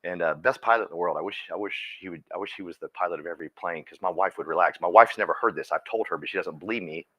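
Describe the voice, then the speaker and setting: A man giving a folksy, energetic motivational talk to his team, often repeating himself. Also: sits low, rapid-fire, hardly any pauses. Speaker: team leader speaking at a company meeting.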